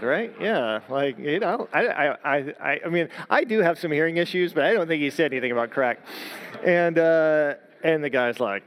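A man's voice: on the high side, lively intonation, fairly quick, fairly bright tone. A man preaching a sermon, telling a story in a conversational way with frequent restarts. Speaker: pastor. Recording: long hall reverb.

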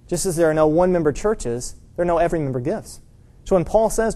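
A pastor preaching an earnest, emphatic sermon in church, lifting his voice to stress key points and dropping low for a story. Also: sing-song, fast, dark tone.

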